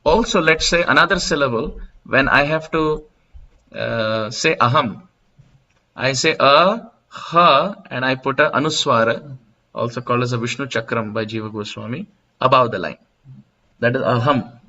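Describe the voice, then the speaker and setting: Bright-voiced man giving a devotional lecture. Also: mid-range voice, moderate pace. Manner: storytelling, explanatory, with soft laughs. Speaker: speaker at a temple lecture. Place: temple hall. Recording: dull lo-fi lecture recording.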